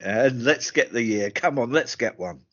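A man's voice: mid-range voice, lively intonation, normal speed, fairly bright tone, muffled recording. A British man co-hosting a podcast and running a quiz, jovial and teasing. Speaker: podcast co-host, quizmaster. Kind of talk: casual chat.

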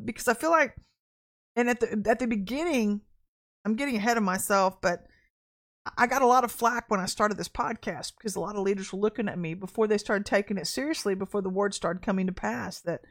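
Hosting a prophetic podcast over livestream, a middle-aged woman talks in a medium-pitched voice. Her style is blunt and lively, with self-directed laughter and phrases repeated for emphasis.

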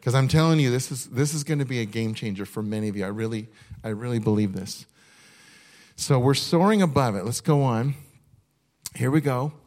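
A man preaching a sermon at a mid-range pitch, earnest and conversational. He often restarts his sentences as he talks, and he slows right down to read a list one item at a time. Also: lively intonation, darkish tone. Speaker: pastor.

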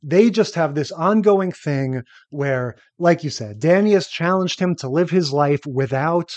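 A man's voice: fairly high pitch, expressive, unhurried, darkish tone, no room sound. A man co-hosts a casual podcast chat about old television. He offers frank, dry critiques in an easy, conversational voice, with a few filler words along the way. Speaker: podcast co-host. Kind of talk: casual chat recapping TV episodes.

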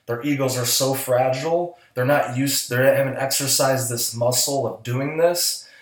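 A man's voice: medium pitch, normal speed, reverberant. A man co-hosting a casual podcast, talking in an earnest, coaching way and speaking bluntly, with the odd swear word. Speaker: podcast co-host.

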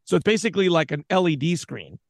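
A man's voice: on the high side, expressive, quick pace, creaky, dry recording, clean studio sound. A man co-hosting a podcast, chatting casually in a playful, jokey way and laughing often. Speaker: podcast co-host. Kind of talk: casual chat.

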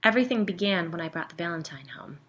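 A woman voicing a calm, wry older woman, a grandmother, in a measured, dry way in a storybook reading. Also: on the low side, slightly rough.

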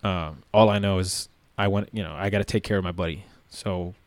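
A man who once served as a police officer tells a story in a low-pitched, brisk voice, keeping things easygoing and rambling with lots of fillers. The recording is free of echo.

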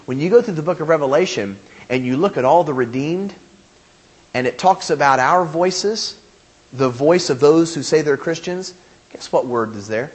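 A man's voice: fairly high pitch, animated, moderate pace. A man preaching a sermon as pastor, speaking emphatically with repeated phrases and questions to his congregation.

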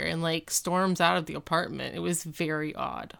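Woman recapping a show, smooth clear voice, giggly, acts out the lines. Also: sits low, fairly even intonation, moderate pace, hardly any pauses, fairly bright tone. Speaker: podcast co-host. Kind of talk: casual chat recapping a TV episode.

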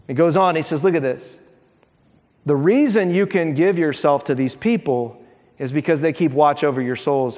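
A high-voiced pastor delivers a sermon in a reverberant hall. He preaches in an animated way and acts out the voices he quotes.

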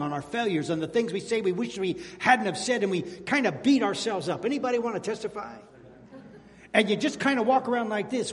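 A man preaching a sermon as pastor, animated and calling out to the congregation. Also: sits high, in a large hall. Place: church sanctuary.

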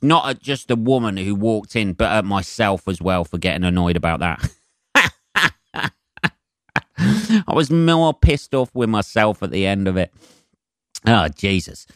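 A man's voice: fairly low pitch, a bit bright, clean tone, no room sound, clean studio sound. A man hosting his own comedy podcast, ranting and swearing his way through a monologue. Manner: sweary, ranting, winds himself up.

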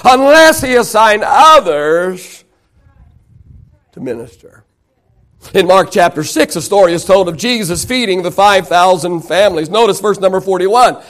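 A man's voice: sits high, a bit bright. A man preaching a sermon as pastor, building emphasis and asking the congregation rhetorical questions.

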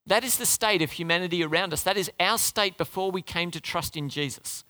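Male pastor, high lively delivery, bright tone, sermon in a reverberant hall. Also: fairly quick. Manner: animated, conversational preaching with audience questions.

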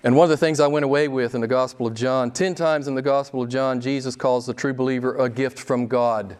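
A man preaching a sermon as pastor, emphatic and full of rhetorical questions, swinging between loud and soft. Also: medium pitch, steady tone, fairly quick, smooth.

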